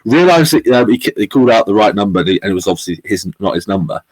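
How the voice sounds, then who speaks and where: Young man, podcast co-host, low voice, dry close sound, excitable, sweary. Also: fast talker, no echo, rough recording. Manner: excitable, swears a lot, says "mate" constantly. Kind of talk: casual chat.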